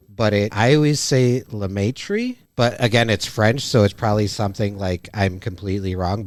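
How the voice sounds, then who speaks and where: A man's voice: lowish voice, no room sound. Wry man co-hosting a podcast. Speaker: podcast co-host and editor. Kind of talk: casual chat. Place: small podcast studio. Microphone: studio microphone.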